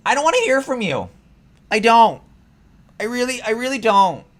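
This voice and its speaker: A man's voice: very high-pitched, sing-song, normal speed, a bit bright. A man hosting a vlog, delivering a heated, profane reaction rant. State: sweaty after ranting. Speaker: political commentary vlogger.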